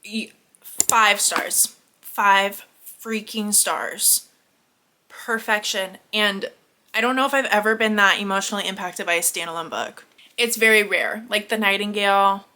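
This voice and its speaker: A woman's voice: mid-range voice, pushed and bright. A young woman chatting casually in a vlog, gushing emotionally about books and often repeating herself. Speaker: book vlogger. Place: home.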